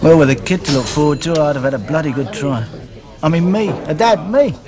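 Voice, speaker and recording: A man's voice: on the high side, animated, a little fast, crowd noise, close to an everyday voice. An actor playing a rueful working man in a soap opera. He talks in a self-mocking, wry way.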